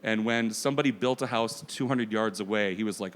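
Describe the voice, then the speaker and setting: Low-voiced wisconsin guy chatting easy on a podcast, kinda reverby sound. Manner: affable, agreeable, quick to back others up. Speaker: guest, comedy producer. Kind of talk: casual podcast chat.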